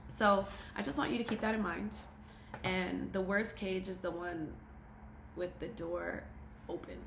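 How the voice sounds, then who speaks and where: A woman's voice: fairly low pitch, fairly even intonation, a little slow, creaky, a bit bright, a little hiss or hum. A woman giving an emphatic, preachy motivational talk to camera, repeating her key phrases. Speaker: motivational speaker. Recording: roomy echo, faint ambience.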